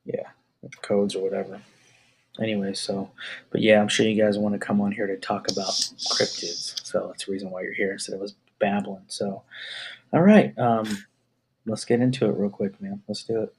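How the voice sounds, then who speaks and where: A man's voice: on the low side, moderate pace, slightly rough. A man co-hosting a podcast, telling rambling stories in casual chat. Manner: rambling storyteller, animated. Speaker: podcast co-host.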